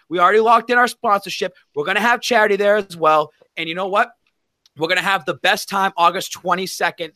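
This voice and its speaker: A man's voice: high-pitched, sharp tone, dry recording. A man co-hosting a casual podcast, talking in a brash, hyped-up way. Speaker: podcast co-host. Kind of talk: casual chat.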